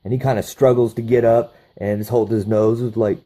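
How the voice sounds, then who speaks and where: A man's voice: mid-range voice, a little fast, hardly any pauses, dark tone. A man reviewing a movie, recapping the plot casually with profane enthusiasm.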